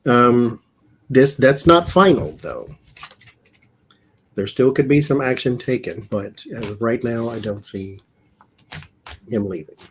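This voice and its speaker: A man co-hosting a live tarot stream, giving measured, deliberate card readings. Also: mid-range voice, lively intonation, a little hiss or hum. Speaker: tarot reader, co-host. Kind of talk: casual live-stream chat.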